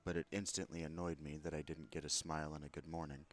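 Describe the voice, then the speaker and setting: A man's voice: extremely low pitch, little pitch movement, fast. A man telling an angry, profane story about a confrontation, aggrieved and heated. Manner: profane, aggrieved, retells a confrontation with mounting anger. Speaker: vlogger.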